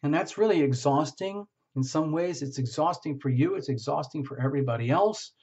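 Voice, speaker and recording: A man giving a casual tarot reading, talking gently and rambling, often checking in with "okay?". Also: fairly high pitch, fairly quick, breathy edge, muffled recording. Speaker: tarot reader.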